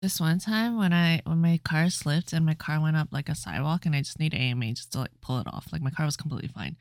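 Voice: medium pitch, fast talker, dry recording. Chill podcast co-host, laughs a lot, curses casually, dry close mic. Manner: laughs easily, casual and swearing.

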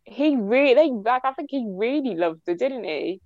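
Podcast co-host, woman from England, gravelly voice, dull lo-fi recording, calm questioner. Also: on the high side, moderate pace, no echo. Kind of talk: casual chat. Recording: dull lo-fi sound.

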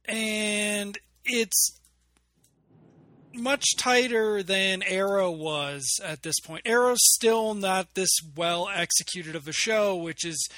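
A man's voice: sits high, slow pace, pushed and bright, no room sound. A man co-hosting a casual comics podcast, chiming in with short enthusiastic remarks and corrections. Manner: enthusiastic, brief interjections. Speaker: podcast co-host.

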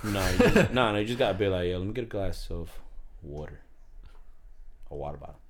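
A young man from New Jersey with a Jersey accent, telling stories in a casual, profane, animated chat. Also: on the low side, quick pace, a crowd in the background. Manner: animated, laughing, profane storytelling.

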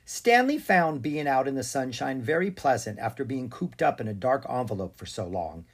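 A narrator reading a children's storybook aloud in an animated, expressive way. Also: medium pitch, normal speed, husky.

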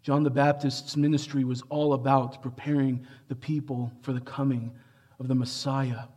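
A man preaching a sermon, asking rhetorical questions and swinging between hushed, slow lines and loud, emphatic peaks. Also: mid-range voice, level tone. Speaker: pastor.

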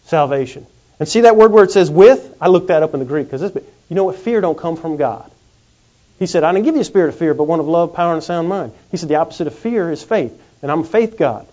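A man preaching a sermon in a folksy, animated way. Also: on the high side. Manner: folksy, animated, acts out quick comic voices. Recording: dull lo-fi recording.

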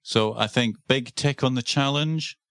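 A man's voice: medium pitch, measured pace, a bit bright, no room sound. A Scottish man co-hosting a podcast in casual, wry, self-deprecating chat. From Scotland. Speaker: podcast co-host. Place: Edinburgh.

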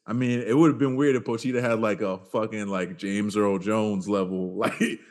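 The man speaks in a fairly low voice, hosting a relaxed chat among friends. He talks loosely and profanely, breaking into laughs often. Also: normal speed. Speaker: podcast host. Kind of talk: casual chat.

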